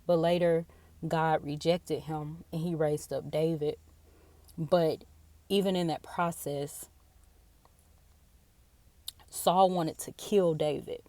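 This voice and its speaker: A woman giving a personal devotional talk, earnest and halting, often repeating her words, tearful after a day of crying. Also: sits low, fairly even intonation, dark tone, dry recording. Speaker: faith speaker.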